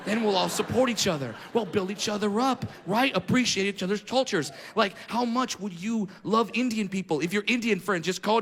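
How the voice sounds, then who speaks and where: A man doing a brash, profane stand-up routine on a club stage, building to shouted rants. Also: high voice, fairly quick, few pauses, noisy background. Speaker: stand-up comedian.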